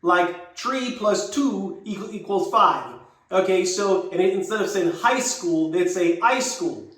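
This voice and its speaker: A man's voice: sits high, steady tone, a little slow, a bit bright. An older man from Jamaica tells a personal story in a casual, reflective way, often restarting his sentences. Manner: reflective, rambling with frequent restarts. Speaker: YouTuber. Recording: very echoey room, distant mic, faint music.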